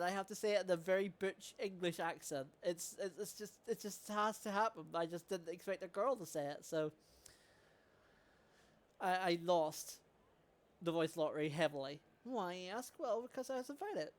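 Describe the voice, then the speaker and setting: A woman streamer reading game dialogue aloud, voicing every part herself in an animated way. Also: fairly low pitch, moderate pace. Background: game music.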